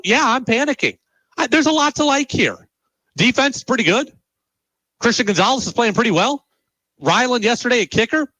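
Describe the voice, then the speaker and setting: A man's voice: high-pitched, bright, forceful tone, dry recording, rough recording. A man hosting sports talk radio, exasperated and emphatic, hammering his points home with repeated rhetorical questions.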